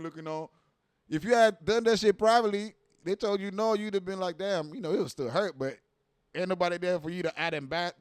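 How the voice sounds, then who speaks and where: With a high, smooth voice and no room sound, a man delivers laid-back reaction commentary. It's animated and full of cursing, slang, and recurring asides such as "you know what I mean."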